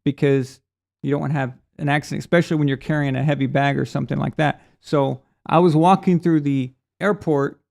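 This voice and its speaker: Reading super chats on his live sports stream, this middle-aged host talks in a brisk, gravelly, slightly high voice with a darkish tone and fairly even intonation. He's a casual, rambling storyteller who restarts often and performs voices for quoted speech.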